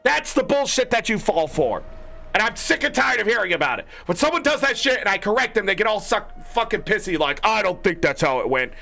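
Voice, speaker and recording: Over soft background music, this male gaming streamer delivers ranting commentary in a gravelly, bright, forceful voice with big pitch swings and a fairly quick pace. He curses liberally, mocks those he disagrees with, and imitates their quoted words in lower, scornful tones.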